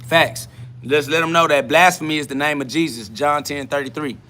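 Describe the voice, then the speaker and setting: A young man talks in a slightly high, bright voice. He lectures his live chat in a blunt, profane, preachy monologue that swings between scolding and boasting. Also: fairly even intonation, moderate pace. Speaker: podcast host answering live chat.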